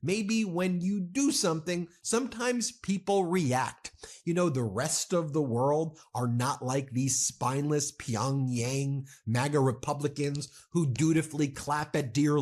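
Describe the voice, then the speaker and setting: A man delivering a sarcastic, mocking political commentary, with quick jabs and exaggerated put-on voices. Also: on the high side, darkish tone. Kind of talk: fast-paced political commentary rant.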